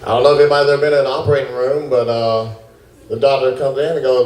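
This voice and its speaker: A man doing stand-up comedy, telling a fast, animated story and acting out his own panic. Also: medium pitch. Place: comedy club with laughing audience. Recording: roomy, distant club recording with noise.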